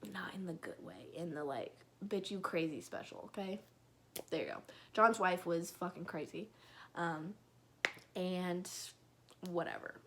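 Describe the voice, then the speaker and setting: A woman's voice: fairly low pitch, background noise. A young woman telling a personal story in a casual, rambling vlog, now and then dropping to a whisper. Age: young adult. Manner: slow, rambling, drops into whispers and laughs.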